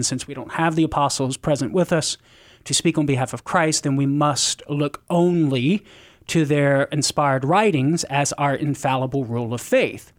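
A man on a call-in radio show, explaining church teaching in an earnest, teacherly way. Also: fairly high pitch. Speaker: Catholic apologist radio guest.

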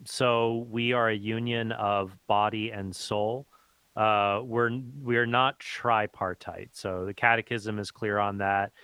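A man appearing as a radio show guest, chatting playfully and then explaining doctrine clearly. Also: lowish voice, little pitch movement, slow pace, bright, forceful tone, dry recording. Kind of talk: casual radio chat and explanation.

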